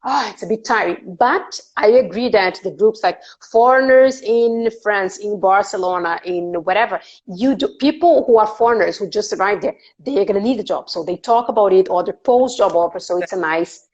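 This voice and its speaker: A woman's voice: mid-range voice, moderate pace, few pauses, darkish tone, lo-fi sound. A woman hosting a career interview, chatty and laughing often as she explains with examples. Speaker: podcast host interviewing a career guest. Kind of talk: casual interview chat.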